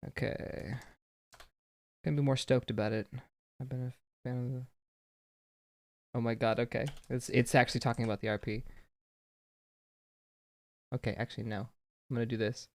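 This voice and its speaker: A young adult streamer chatting live, excitable, jumping between mumbled asides and loud outbursts, with keyboard typing behind. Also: medium pitch, moderate pace, pauses often.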